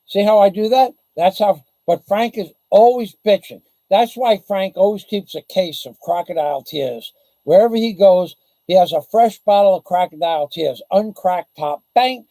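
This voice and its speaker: A man hosts a casual livestream, rambling bluntly and boasting as he talks. His voice sits high for a man yet sounds dark and gravelly, recorded dry and close. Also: normal speed, no room sound, poor audio. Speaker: livestream host. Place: the Philippines.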